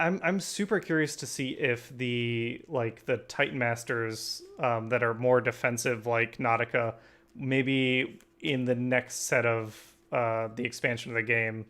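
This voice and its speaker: A man's voice: medium pitch, fairly bright tone. A young man hosting a casual chat about a card game, agreeable and full of fillers like "um" and "like". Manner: agreeable, uses many fillers and backchannels. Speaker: host.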